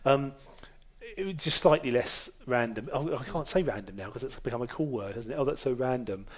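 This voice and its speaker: A man's voice: medium pitch, expressive, a little fast. A man hosting a casual chat in a basement room, rambling and hesitant with many fillers and restarts, and a wry, self-mocking humour. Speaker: podcast host and musician.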